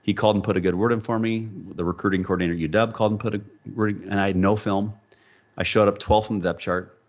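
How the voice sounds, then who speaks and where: A man with a lowish voice speaks quickly over lo-fi sound, recounting his own experience as a podcast guest. Animated in his delivery, he acts out the words of the people he quotes, storytelling in a casual interview.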